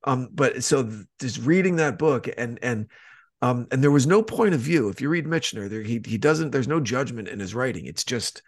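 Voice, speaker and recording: A man of middle pitch talks loosely on a podcast, circling back and restarting as he goes. He swears freely, and his delivery stays casual and unpolished. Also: animated, moderate pace. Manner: rambling, swears a lot, many restarts. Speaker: podcast co-host. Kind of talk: casual chat.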